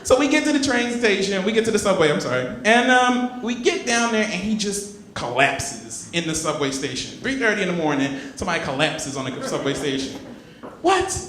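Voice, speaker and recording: A young man from the Caribbean telling a stand-up story on a comedy club stage into a handheld mic, switching between loud bursts and low asides. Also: expressive, brisk, few pauses, a little hiss or hum. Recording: echoey club with audience. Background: laughing audience.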